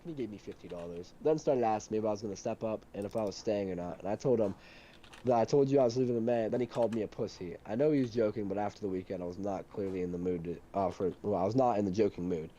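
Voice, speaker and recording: A young man telling a heated story in casual chat, animated and swearing a lot. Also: fairly low pitch, fast, dull audio, a little hiss or hum.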